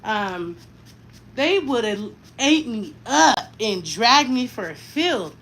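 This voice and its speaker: This thirties mom is very animated yet slow-paced, her slightly high, somewhat bright voice carrying frank, slangy talk. She's chatting away while working on her daughter's hair, and the recording is rough.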